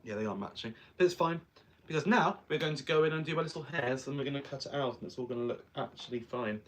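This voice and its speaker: A man's voice: medium pitch, fast. A young man chatting casually while doing his drag makeup, rambling with self-mocking asides. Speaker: drag performer and vlogger.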